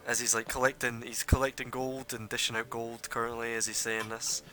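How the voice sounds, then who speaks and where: A young man narrating a tabletop game, rambling through scenes with lots of fillers. His voice is bright and sharp-edged. Faint music plays behind him. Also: mid-range voice, completely flat delivery, brisk. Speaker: game master.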